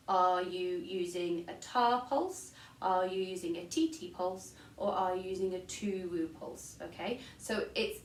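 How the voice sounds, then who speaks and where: A patient woman with an English accent walks pupils through a music lesson, counting beats aloud as she explains. Her voice sits in a middle range. It is picked up from some distance in an echoey room, with faint background hiss. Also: mid-range voice. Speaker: music teacher. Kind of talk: recorded online music lesson.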